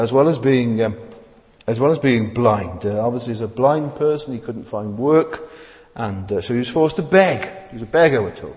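A male preacher delivers an earnest sermon, his pitch rising and falling in a lively way. He keeps asking the congregation rhetorical questions and stumbles into repeated restarts. The voice rings with the long reverb of a large hall. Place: church service.

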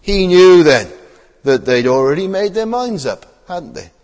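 A man's voice: high-pitched, very animated, measured pace, a little mellow, in a large hall. A man preaching a sermon in a plain, conversational way, with many rhetorical tag questions and frequent hesitations and repeated words.

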